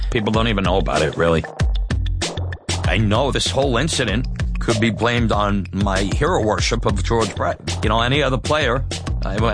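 A man telling a personal story, animated and self-deprecating, laughing as he goes. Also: fairly low pitch. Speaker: storyteller recounting his youth.

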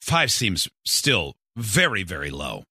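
Male studio host, lively pitch, crisp bright tone, casual. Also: slow, no echo. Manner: asks the group questions, reads out figures. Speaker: radio show host. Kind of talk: casual group chat. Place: radio studio.

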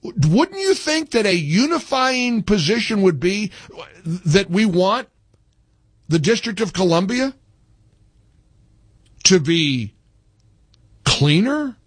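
Male commentary host, high husky voice, lively and sarcastic, indignant monologue. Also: slow, long pauses, no echo. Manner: sarcastic and indignant, with animated rising emphasis.

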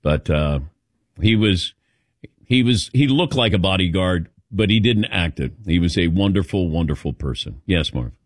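Animated male sports radio host. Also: low-pitched, moderate pace, no echo. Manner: emotional, animated storytelling with rambling restarts. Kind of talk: casual radio talk. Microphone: studio microphone.

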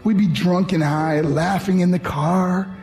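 A motivational speaker from New York tells his story to students in an emotional, earnest speech, acting out the voices of people he quotes, with music in the background. His voice is high, steady, a little slow and a little mellow.

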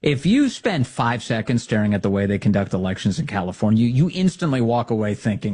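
Male political talk host: sarcastic, lively swings, slightly husky. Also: lowish voice, fairly quick, hardly any pauses. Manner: sarcastic and animated, mocking rhetorical questions. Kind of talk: opinionated talk show monologue.

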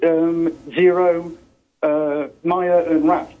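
A man's voice: on the high side, little pitch movement, very slow. A British man calling into a radio show, chatting playfully over a phone line. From Britain. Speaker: caller. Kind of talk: casual chat.

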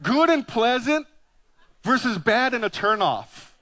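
A male pastor in his fifties from Hawaii, preaching a sermon full of personal stories told with animated, self-deprecating humor. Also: very high voice, slow, slight background noise. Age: 50s.

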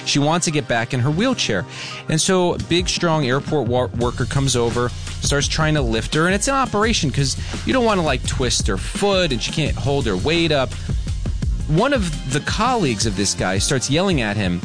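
A male radio host telling a story on his morning show in an animated, emphatic way. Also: a little high, normal speed, over music.

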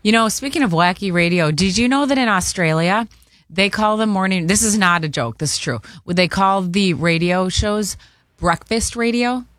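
A co-host on a morning radio show in a studio, tossing in wry quick quips and trivia. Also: mid-range voice, a bit bright, no echo. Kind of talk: casual radio banter.

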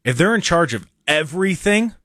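A man with a fairly high voice that swings up and down as he talks. He is sarcastic and animated in casual chat, and his sound is close and dry. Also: normal speed, no room sound.

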